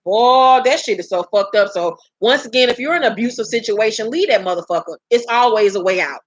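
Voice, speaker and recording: A woman's voice: a little high, fairly quick, no room sound. A woman giving a casual, blunt, profane recap of a reality show episode in a chatty vlog.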